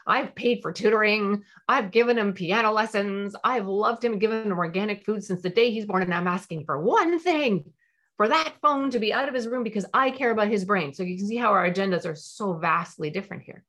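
Woman coaching parents, emphatic, repeats stuff for stress, mid pitch. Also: brisk, a bit bright. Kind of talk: explanatory coaching talk.

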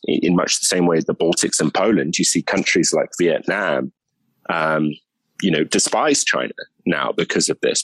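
A man's voice: rumbling low, fairly bright tone, no echo, low-quality recording. A man with a British accent, a guest commentator giving emphatic, opinionated views in a conversational political discussion. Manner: emphatic and opinionated, thinking aloud.

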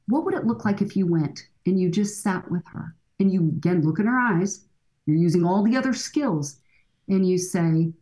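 Animated woman guest explaining. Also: lowish voice, moderate pace. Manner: animated, explanatory, acts out quoted voices. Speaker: counselor and guest. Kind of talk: interview conversation.

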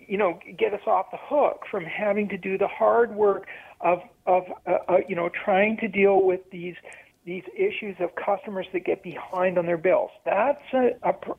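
A man commenting on a radio talk show, halting and full of restarts. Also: high-pitched, vocal fry, breathy edge. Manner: hesitant, many restarts and fillers. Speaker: studio guest, energy commentator. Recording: phone line.

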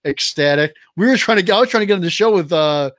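A man's voice: high-pitched, lively intonation, quick pace, a bit bright, no room sound, clean studio sound. A man hosting a podcast, casually telling an anecdote. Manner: easygoing anecdote teller.

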